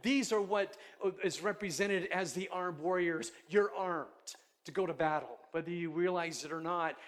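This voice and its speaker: A middle-aged male pastor preaching a sermon in an earnest, emphatic way, often restarting his phrases. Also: on the high side.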